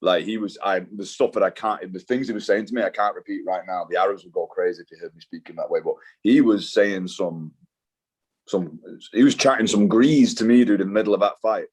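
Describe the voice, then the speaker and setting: A man's voice: on the low side, fairly quick, slightly rough. A young British man, a fighter, talking in a laid-back, slangy way as an interview guest, swearing and saying "dude" a lot. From Britain. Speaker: guest, mixed martial arts fighter. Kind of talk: casual interview chat.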